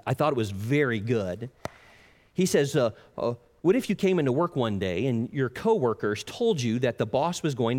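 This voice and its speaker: Male preacher, earnest sermon, pitch swings a lot, long hall reverb behind him. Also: a little mellow. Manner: earnest, acts out the listener's complaints in quoted asides.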